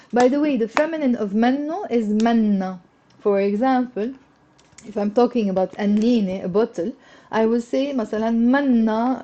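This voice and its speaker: A woman with a Lebanese accent teaching an online Arabic lesson, lively and encouraging as she moves between English and Arabic. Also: on the high side, dull audio.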